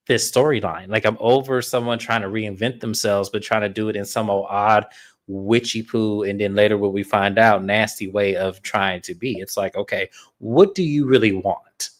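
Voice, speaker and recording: A man co-reviewing a reality TV episode in casual, halting chat. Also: on the low side, steady tone, a bit bright. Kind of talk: casual commentary.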